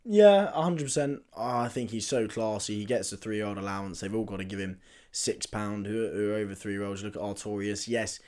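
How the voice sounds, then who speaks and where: A man co-hosts a casual racing chat with a fairly low voice. He states his opinions with confidence and emphasis. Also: moderate pace, darkish tone. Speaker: co-host of a racing tips show.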